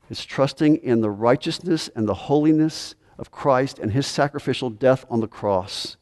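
A pastor delivering a sermon, his voice of ordinary pitch carrying through a large hall with a long reverb. He preaches emphatically, dropping to hushed lines and rising to loud ones. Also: moderate pace, few pauses.

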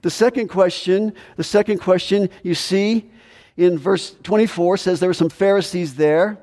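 High-voiced preaching man, long hall reverb. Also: darkish tone. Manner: earnest, measured preaching with verse-by-verse explanation. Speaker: pastor. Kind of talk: sermon. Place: church sanctuary.

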